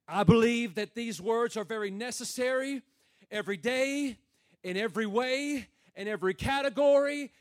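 A man preaching a sermon, dropping low and slow, then building to loud, shouted emphasis. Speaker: pastor.

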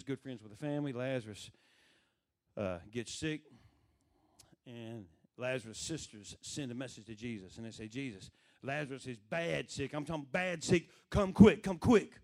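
A man's voice: medium pitch, darkish tone. Male preacher, conversational. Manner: conversational, questions the congregation, acts out quoted voices. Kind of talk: sermon.

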